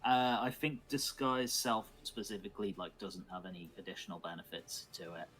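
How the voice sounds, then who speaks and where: A man's voice: low-pitched, level tone, moderate pace, fairly bright tone, low-quality recording. A man running an online tabletop game as game master, easygoing and focused on the rules.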